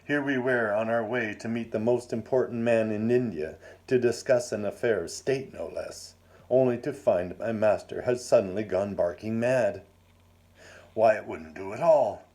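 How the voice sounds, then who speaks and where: A man reading his own first-person story aloud in a measured, wry and formal manner. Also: lowish voice, a little mellow.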